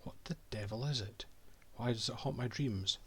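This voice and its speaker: A man's voice: mid-range voice, normal speed, noisy background, close to an everyday voice. A Scottish man voicing a haughty male cartographer and reading his old-fashioned diary aloud from a game.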